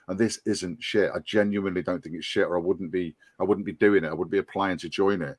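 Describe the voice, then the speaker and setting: A man's voice: sits low, steady tone, brisk, a little mellow, no room sound. A man of about fifty with a Scouse accent, talking earnestly and rambling in a casual podcast chat, full of restarts and ums. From Liverpool and North Wales. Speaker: podcast guest, fan board applicant.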